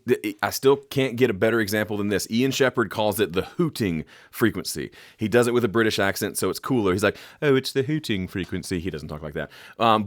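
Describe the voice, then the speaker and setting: A man's voice: lowish voice, no echo, studio quality. A middle-aged man explaining audio mixing in a casual, jokey way, now and then imitating sounds with his voice. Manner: animated, jokey, makes vocal sound effects. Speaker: music production teacher. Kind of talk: casual instructional talk to camera.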